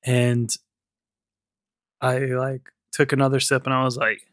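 A man's voice: medium pitch, flat delivery, a little slow, fairly bright tone, no room sound, studio quality. A man co-hosting a podcast, chatting casually and rambling, with lots of swearing and fillers. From United States. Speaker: podcast co-host. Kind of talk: casual chat. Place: UK-based podcast.

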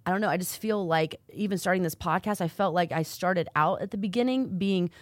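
A woman's voice: on the low side, a little fast, no room sound, clean studio sound. A woman hosting a podcast, talking openly and with feeling, often stammering and repeating her words. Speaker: podcast host. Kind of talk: casual podcast conversation. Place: podcast studio.

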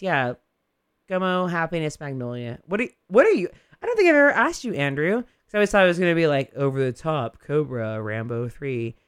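A man hosting a radio show, teasing his guest with crude, quick-fire banter. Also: a little high, smooth, no room sound, studio quality. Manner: crude, teasing, rapid tangents. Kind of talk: casual banter.

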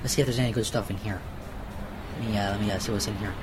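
A man's voice: fairly low pitch, steady tone, racing, over music, natural voice. A man with a Canadian accent playing a bumbling, polite TV picker who stammers and tacks "eh" onto his lines in a comedy sketch. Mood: puzzled.

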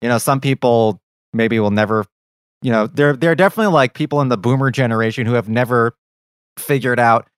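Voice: medium pitch, fairly quick, smooth, dry recording, studio quality. A podcast co-host speaking in a thoughtful, hesitant casual chat.

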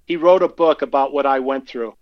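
Animated storytelling man on a dull line. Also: medium pitch, a little fast. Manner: animated anecdotes, acts out quotes. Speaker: guest speaker. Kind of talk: conversational storytelling.

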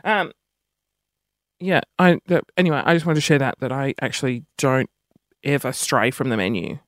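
Australian male vlogger, self-deprecating rambler, middle pitch, dry close sound. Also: normal speed, a bit bright, dry recording. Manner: rambling, self-mocking, jumps between topics. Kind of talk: casual monologue to camera.

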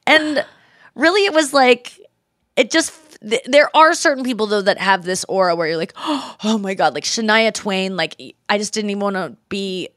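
A woman hosting a podcast, chatting casually and telling lively stories, mimicking other people's voices in quotes. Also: medium pitch, moderate pace, dry recording, clean studio sound. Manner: animated storyteller who mimics voices in quotes. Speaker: podcast host. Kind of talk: casual chat.

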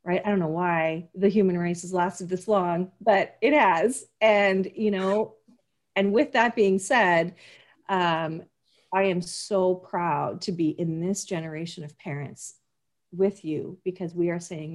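A woman's voice: lowish voice, fairly even intonation, measured pace. A woman speaking as a parenting guest in a casual interview, earnest and emphatic, often restarting her sentences.

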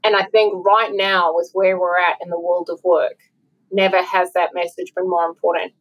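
Speaking at normal speed with a flat delivery, a woman with a lowish voice tells personal stories earnestly as a guest author in an interview. She is from South Africa, and the audio quality is poor.

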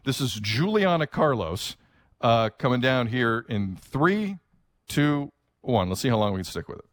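A man co-hosting a sports talk show, joking and sarcastic in quick banter. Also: mid-range voice, no room sound, studio quality. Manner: jokey, sarcastic, animated.

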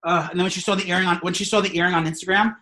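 A man's voice: high voice, steady tone, racing, pushed and bright, poor audio. A man co-hosting a podcast in casual chat, gushing, profane and rambling. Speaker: podcast co-host.

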